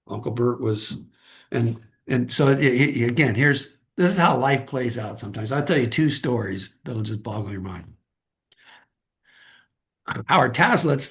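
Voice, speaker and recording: A man's voice: medium pitch, vocal fry. A man from Southern California, a podcast guest telling earnest, rambling personal stories full of asides. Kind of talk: personal storytelling.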